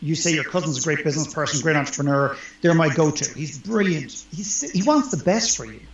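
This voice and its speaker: Gravelly earnest male coach, roomy sound. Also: fairly high pitch, lively intonation, brisk, muffled recording, slight background noise. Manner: earnest, emphatic and reflective. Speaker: life coach guest. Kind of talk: conversational interview.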